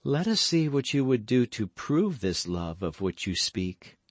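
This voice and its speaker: Scheming noblewoman, cold and vindictive, coaxing lilt, slow and deliberate, raised voice from a male reader, audiobook. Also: medium pitch, very animated, no echo, pitched above the performer's own voice. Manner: coaxing, calculating.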